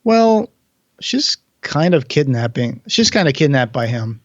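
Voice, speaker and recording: A man's voice: mid-range voice, big pitch swings, unhurried, no room sound, highs cut off. A man co-hosting a podcast, giving a casual, joking commentary on a film as it plays. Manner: chatty, joking, reads quotes in an announcer voice. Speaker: podcast co-host.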